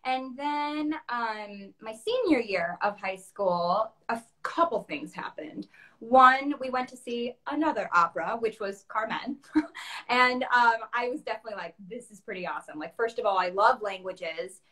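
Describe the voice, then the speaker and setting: A woman from Chicago, a guest opera singer, telling her story in a casual interview. She talks in an animated way, acting out her past self in quotes and laughing often. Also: fairly high pitch, unhurried. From Chicago, USA.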